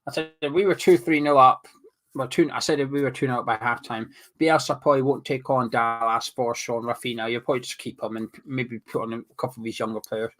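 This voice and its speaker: A man's voice: mid-range voice, steady tone, fast, few pauses, a bit bright. Casting note: man, mid-range voice, chatty football analysis that circles back on itself. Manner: rambling, repeats his points. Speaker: football pundit. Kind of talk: casual analysis.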